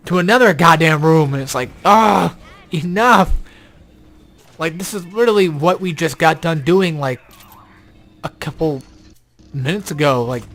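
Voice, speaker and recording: This game guide commentator is a young man with a high voice, rambling casually through gameplay while tired and yawning. He curses a lot and gets exasperated, and his voice carries a strange robotic glitch.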